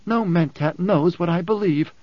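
A man's voice: high voice, normal speed, dry recording, pitched above the performer's own voice, lightly acted. A man voicing a fierce, proud teenage girl who snaps and sneers, in an audiobook. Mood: defiant. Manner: defiant, snapping, scornful. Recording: dull dry close recording.

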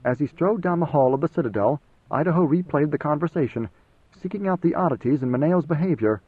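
A man reading a novel as audiobook narrator, in measured, even storytelling. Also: on the high side, breathy edge, no echo. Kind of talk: scripted narration. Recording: tinny phone-like band, dry.

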